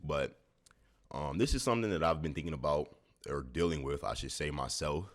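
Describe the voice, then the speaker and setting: A young man vlogging to camera early in the morning, a bit tired, speaking in a thoughtful, unhurried way with many fillers. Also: rumbling low. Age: young adult. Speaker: YouTuber. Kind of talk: reflective talking-to-camera vlog.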